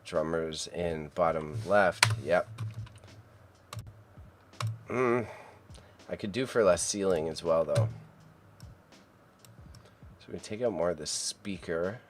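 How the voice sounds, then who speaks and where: A man's voice: deep voice, slow, pauses often, noisy background. A man streaming casually as he edits photos, chatting and muttering to himself while he works. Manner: chatty, self-mocking, mutters while working.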